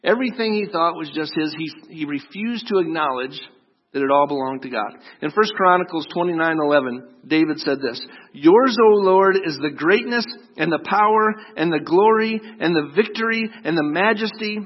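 Animated pastor preaching, somewhat high voice. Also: male voice, normal speed, long reverb tail. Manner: animated, raises voice for quoted scripture, jokes with congregation. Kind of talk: sermon. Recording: dull lo-fi sound.

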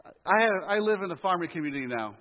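In muffled live audio from a church sanctuary with long reverb, a pastor from the US inner city preaches fast and animatedly in a high-pitched voice. His sermon includes humorous, conversational asides.

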